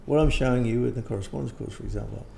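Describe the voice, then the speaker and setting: Older man, gravelly, dark tone, rambling interview talk, faint background hiss. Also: medium pitch, rapid-fire. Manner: rambling, frequent restarts and throat clearing. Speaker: interviewed teacher. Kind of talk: casual conversation.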